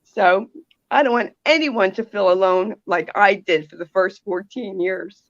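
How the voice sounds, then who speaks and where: A woman's voice: mid-range voice, measured pace, no room sound, highs cut off. A woman with a New Jersey accent, a guest on a video call, speaking emphatically and from the heart. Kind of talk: conversational interview.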